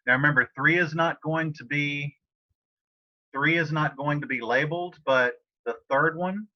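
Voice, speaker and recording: A man's voice: a little high, moderate pace. A man teaching a Spanish class over a video call, talking casually and encouragingly to students by name. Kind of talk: online class tutoring session. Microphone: computer mic on a video call. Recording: slightly dull video call audio.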